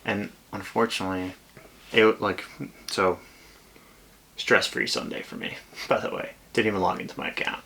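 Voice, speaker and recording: A man's voice: sits low, fairly even intonation, normal speed, pauses often, pushed and bright. A man co-hosting a podcast, chatting casually and telling stories with lots of fillers. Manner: laid-back storyteller, trails off with fillers. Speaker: podcast co-host. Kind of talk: casual chat.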